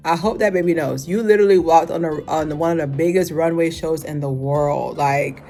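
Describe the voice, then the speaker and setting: A young woman casually reviewing a fashion show, chatty and animated, with lots of filler words and sudden high exclamations. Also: moderate pace. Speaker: vlogger.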